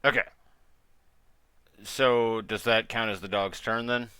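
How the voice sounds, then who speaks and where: A man's voice: on the low side, steady tone, slow pace, bright, forceful tone, clean tone, dry recording, clean studio sound. A man running a tabletop game as game master, in a casual, blunt way with the odd curse word. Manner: casual, blunt, occasional swearing.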